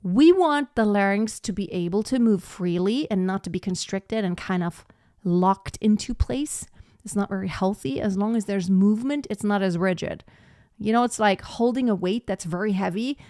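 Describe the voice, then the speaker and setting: A woman's voice: mid-range voice, normal speed, warm tone, no room sound, clean studio sound. A woman voice teacher giving a live singing lesson, explaining technique and breaking into short sung demonstrations.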